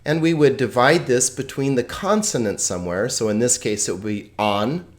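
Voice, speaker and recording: A man teaching Greek in a recorded video lesson, chatty and joking, slowing down to carefully pronounce example words. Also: medium pitch. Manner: chatty, joking, laughs at own puns.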